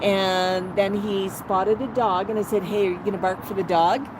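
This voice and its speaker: A woman's voice: mid-range voice, fairly even intonation, normal speed, background noise. A woman hosting a casual outdoor livestream, chatting to viewers and reading out their comments. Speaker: livestream host.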